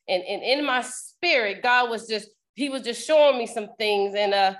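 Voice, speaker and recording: A woman with a somewhat high voice leads her congregation's show in a loose, sermon-like way. She repeats key phrases and circles back over her words, often restarting mid-thought. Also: a bit bright. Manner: repetitive, preacherly, frequent restarts. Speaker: podcast host leading a congregation. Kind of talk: informal sermon-style talk.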